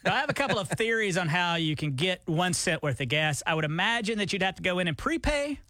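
Bright, teasing male radio co-host. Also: high-pitched, animated, fast, dry recording, clean studio sound. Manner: teasing, joking. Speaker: radio morning show co-host. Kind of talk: casual radio banter. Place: radio studio. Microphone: studio microphone.

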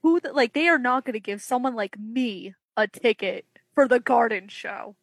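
Young woman, podcast guest, lively storyteller, higher voice, dry close sound. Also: normal speed, no echo. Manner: animated, acts out quoted voices. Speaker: wrestling journalist guest.

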